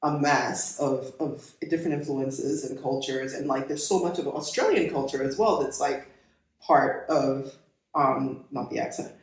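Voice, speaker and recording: A woman's voice: extremely low pitch, measured pace. A woman from Kenya with an American-influenced accent, co-hosting a casual podcast chat and telling stories with lots of laughter. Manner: animated, laughing storyteller. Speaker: podcast co-host. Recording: echoey room.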